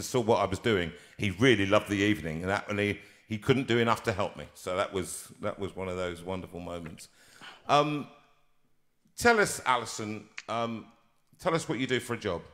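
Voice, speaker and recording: Middle-aged guy hosting a live stream chat, bright forceful voice, jokey and teasing. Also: on the low side, fairly quick. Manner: jovial, teasing, animated. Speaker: host.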